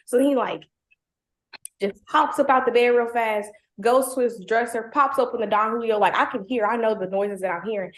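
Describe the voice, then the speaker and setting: Woman, young adult, casual slangy storytelling, fairly high voice, roomy echo. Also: normal speed. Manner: heavy "like" fillers, slangy, blunt. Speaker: guest telling her story.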